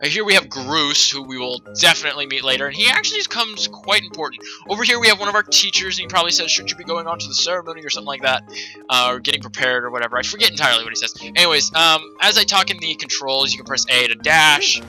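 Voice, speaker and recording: A man's voice: on the high side, quick pace, sharp tone, soft background music, poor audio. A man giving casual video game commentary as the host, rambling with many fillers and asides. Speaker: let's play host.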